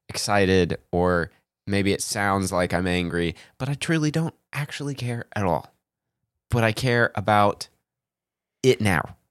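A man co-hosting a relaxed podcast, telling stories with lots of energy and laughter. He rises in volume when he gets into it, sounding almost angry when he's only excited. The sound is dry and close, with no room echo. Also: lowish voice. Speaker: podcast co-host. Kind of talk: casual chat.

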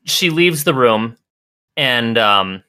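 A game master describing scenes in a tabletop game with easy, descriptive narration. The pitch moves lively up and down, and the sound is dry. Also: slow, smooth, dry recording.

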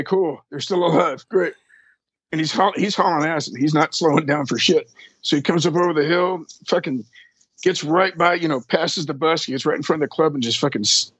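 Husky man telling rambling road stories. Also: a little high, a bit bright, dry recording. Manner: profane, rambling, lots of fillers. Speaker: interview guest. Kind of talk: casual storytelling.

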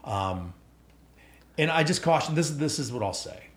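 A man's voice: a little high, lively intonation, moderate pace, echoey room. A pastor in casual conversation, giving earnest advice and repeating his warnings.

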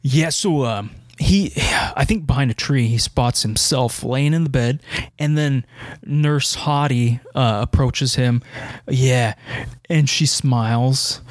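A man's voice: mid-range voice, no room sound, clean studio sound. An American man co-hosting a casual movie podcast, easygoing, with lots of ums and laughs. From United States. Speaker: podcast co-host.

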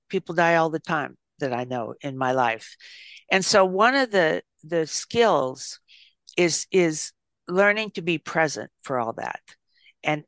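An older woman, an author and psychologist, speaking as a guest in an interview, reflecting and telling stories with gentle restarts. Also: sits low, no room sound, studio quality. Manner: thoughtful storyteller with gentle restarts.

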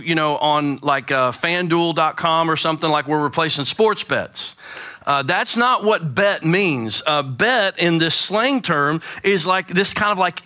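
A man in his forties, a pastor giving a sermon with animated, joking storytelling. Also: a little high. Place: church sanctuary.

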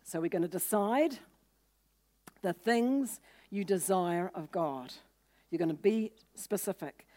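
Slow and expressive, with frequent pauses and a mellow tone, this woman delivers a sermon. She teaches in earnest and dramatizes scripture, raising her pitch and adding force whenever she voices the people being quoted.

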